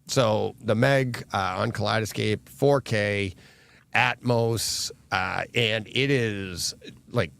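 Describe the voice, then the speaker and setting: A man's voice: on the low side, slow pace, vocal fry, clean tone. A man co-hosting a podcast, chatting casually with lots of fillers and laughs. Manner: animated, laughing, rambling with fillers. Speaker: podcast co-host. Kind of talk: casual chat.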